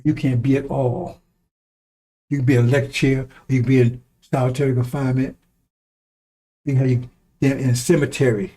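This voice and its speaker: A man's voice: medium pitch, level tone, brisk, pauses often, warm tone. A man giving a blunt, profane, preaching-style monologue, repeating lines for emphasis and chuckling between remarks. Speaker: online commentator.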